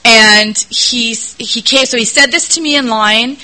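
A middle-aged woman gives a personal testimony to a meeting crowd, her voice bright and forward. She talks candidly and earnestly, poking fun at herself along the way. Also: a little high, unhurried, low-quality recording. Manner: candid, self-deprecating, earnest. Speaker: speaker sharing her recovery story at a meeting.

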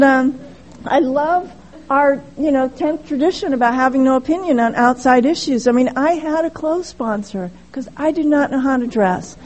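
High-voiced woman sharing her recovery story. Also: a little mellow, rough recording. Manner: halting, frequent restarts and "you know", candid. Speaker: speaker sharing at a recovery meeting. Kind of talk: personal recovery share, casual storytelling.

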